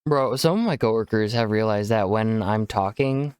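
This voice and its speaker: A man's voice: lowish voice, normal speed, darkish tone, clear, resonant tone, no room sound. A man from Texas streaming a game, chatting casually in a rambling way and breaking into silly voices now and then. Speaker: gaming streamer. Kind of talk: casual chat while playing. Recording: noisy stream audio.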